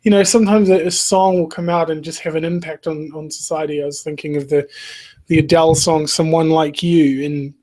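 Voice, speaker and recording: A man hosting a podcast, talking through a reflective monologue in an earnest, halting way, with frequent restarts and soft laughs. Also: fairly high pitch, little pitch movement. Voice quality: emotional, earnest. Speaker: podcast host.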